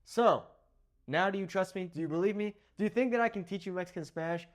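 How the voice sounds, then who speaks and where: A young man from Southern California giving an energetic vocabulary lesson to the camera, jumping between high emphatic words and low asides. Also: quick pace. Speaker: Spanish teacher.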